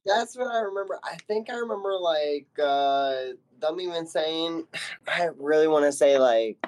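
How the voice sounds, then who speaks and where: A man's voice: fairly high pitch, unhurried, darkish tone, smooth, no echo. A young adult man as a podcast guest in casual chat, laid-back and a bit hesitant, with casual swearing.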